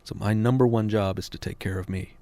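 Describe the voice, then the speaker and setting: A man's voice: fairly low pitch, steady tone, fast talker, dark tone, no echo. Earnest American man on a dry studio mic. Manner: earnest, rising to emphatic peaks. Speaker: parenting author and guest. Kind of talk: radio interview.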